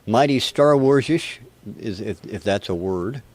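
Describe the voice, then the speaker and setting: A man's voice: lowish voice, expressive, measured pace, darkish tone, dry recording. Male host, American, casual and rambling, dry close sound. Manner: chatty, rambling, self-deprecating. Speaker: show host. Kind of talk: casual live webcast hosting.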